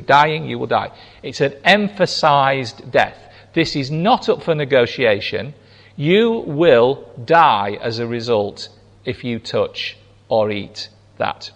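A man preaching a sermon, slow and emphatic, acting out quoted lines with big swings in pitch. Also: animated. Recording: long hall reverb.

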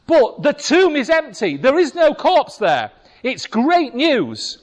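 A man's voice: very high voice, wildly swooping pitch, slow pace. A man preaching a sermon as pastor, speaking emphatically and firing rhetorical questions at the congregation in a church. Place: church hall. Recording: long reverb of a large hall.

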